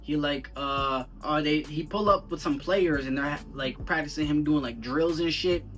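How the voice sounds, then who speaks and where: Bright-voiced young man ranting about a movie. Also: on the high side, moderate pace, distant mic, faint music behind. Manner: rambling, slang-heavy, animated and incredulous. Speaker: movie reviewer. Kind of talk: casual movie review rant.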